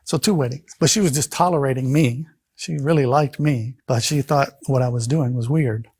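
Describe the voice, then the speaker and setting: A middle-aged man from the United States with a husky, slightly rough voice at an ordinary pitch. He tells his own story casually and with energy. When he quotes other people, he shifts into their voices to act them out. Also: normal speed, dry recording, clean studio sound. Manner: animated, acts out quoted voices. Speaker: convert telling his story.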